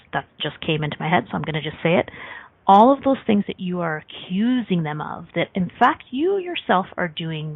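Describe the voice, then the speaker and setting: A woman hosting a self-help radio show, talking in an animated, confessional way. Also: fairly low pitch, vocal fry, no room sound. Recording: dry, phone-like line.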